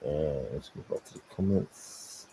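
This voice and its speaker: Hosting a casual live football stream, a Midlands man talks bluntly and reads out comments from viewers. He has a very deep, husky, mellow voice and an unhurried delivery, captured on poor audio.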